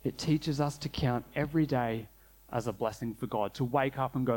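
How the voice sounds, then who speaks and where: A man preaching a sermon, earnest, slowing down and dropping low to stress key phrases. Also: a little mellow. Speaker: pastor.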